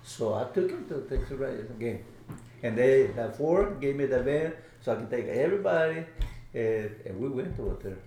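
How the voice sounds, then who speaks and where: Halting man, Spanish his first language. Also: medium pitch, very animated, dark tone, reverberant, slight background noise. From Mexico. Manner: halting, many fillers and restarts. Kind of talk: casual storytelling.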